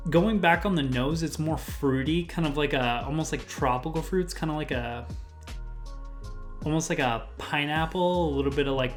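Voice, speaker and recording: A man hosting his own whiskey review channel, casually listing tasting notes with lots of "like" fillers. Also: mid-range voice. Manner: rambling lists of tasting notes, full of "like" fillers.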